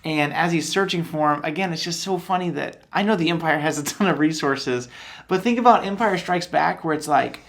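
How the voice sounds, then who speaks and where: A man co-hosting a casual podcast chat, an animated storyteller who acts out quotes, with a tired voice. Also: fairly high pitch, a little fast, gravelly. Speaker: podcast co-host.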